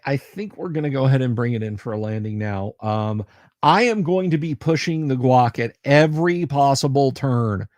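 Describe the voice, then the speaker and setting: A man's voice: medium pitch, darkish tone, no echo, studio quality. A man hosting a casual livestream, chatting in a rambling, self-interrupting way and reacting to viewer comments as he goes. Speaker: livestream host.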